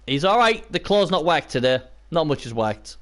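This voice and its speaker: A man casting a video game match live, hoarse and losing his voice, chatting to viewers and breaking into excited yelps. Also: moderate pace. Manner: excitable, bursts into high yelps and cheers; chatty, talks to viewers and chat by name. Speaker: live stream commentator. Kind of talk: casual video game commentary.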